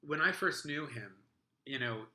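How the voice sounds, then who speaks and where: A man's voice: a little high, lively intonation, normal speed, bright, forceful tone. A man hosting a podcast in casual chat, rambling with lots of fillers. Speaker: podcast host. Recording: roomy echo.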